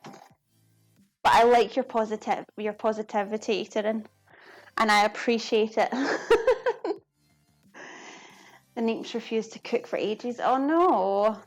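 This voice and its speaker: A Scottish woman from the Glasgow area with a fairly high voice chats away while she cooks, chatty, self-deprecating and quick to laugh. She talks to her viewers as she works, and faint music plays behind her. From Scotland. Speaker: live cooking streamer. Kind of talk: casual chat while cooking and reading chat.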